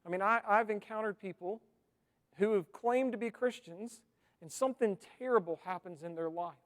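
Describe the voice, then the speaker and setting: A man's voice: sits high, moderate pace. A man preaching a sermon in a conversational way, often putting questions to the congregation. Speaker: pastor. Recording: reverberant church hall.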